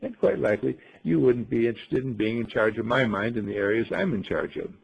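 A man voicing a calm, wise talking bird that lectures in a gently superior way. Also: mid-range voice, a little fast, creaky, breathy edge, muffled recording. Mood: explaining.

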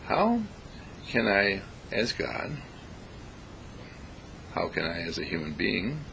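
A man giving a reflective spiritual talk, deliberate and emphatic, repeating phrases to stress them. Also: low voice, very animated, gravelly, fairly bright tone, slight background noise, low-quality recording. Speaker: spiritual speaker.

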